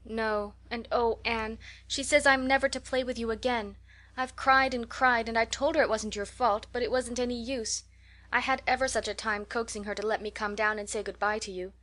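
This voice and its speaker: Brief: tearful young girl friend, put on by a woman narrator, lifted pitch. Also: steady tone, normal speed, fairly bright tone, natural voice. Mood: mournful. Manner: mournful and earnest.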